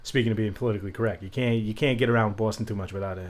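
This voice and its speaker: A man co-hosting a casual chat about accents, joking and quick with asides. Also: fairly low pitch, steady tone. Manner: jokey, quick asides, laughs easily. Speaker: podcast co-host.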